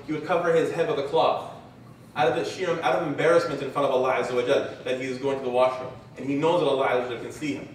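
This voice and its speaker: A man giving a religious lecture at a conference, a lively storyteller who acts out his examples. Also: fairly high pitch, slight background noise. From Canada. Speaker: conference speaker. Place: large conference hall. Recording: echoey hall, distant mic, faint ambience.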